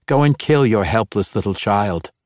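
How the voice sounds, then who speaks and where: Man reading a mocking scheming woman, low voice, audiobook. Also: expressive, normal speed, a little mellow, no room sound, clean studio sound, lightly acted. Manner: mocking, teasing. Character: scheming sardonic woman, cruelly amused.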